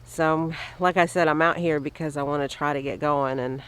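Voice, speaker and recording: Feeding chickens in a snowy yard, a middle-aged vlogger who sounds ill and hoarse rambles slowly through casual chat, laughing often. Her voice is low and a bit bright with fairly even intonation, and the rough recording picks up outdoor noise and animals.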